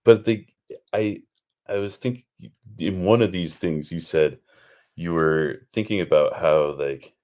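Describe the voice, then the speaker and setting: Very deep-voiced man rambling casually. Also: a little slow. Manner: rambling, animated storytelling. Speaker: podcast host. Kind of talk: casual conversation.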